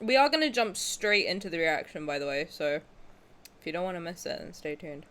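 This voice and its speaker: Excitable, animated woman streamer. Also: on the low side, fairly quick, a little hiss or hum. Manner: excitable, dramatic, crude jokes. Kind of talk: casual livestream reaction chat.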